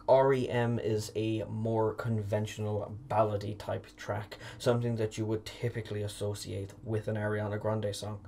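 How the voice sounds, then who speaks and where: A young man talks through an album in a casual, unscripted review. He is candid and opinionated, and he drops the odd curse word. His voice sits at an ordinary middle pitch. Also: a little mellow. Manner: opinionated and candid, with occasional swearing. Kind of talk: casual spoken music review.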